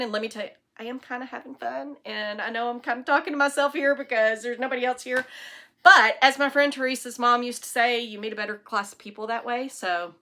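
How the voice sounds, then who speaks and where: Chatting into an iPad on a tripod, a woman hosts her knitting podcast by herself at home, rambling and self-deprecating. Her fairly high voice is bright with a forceful tone.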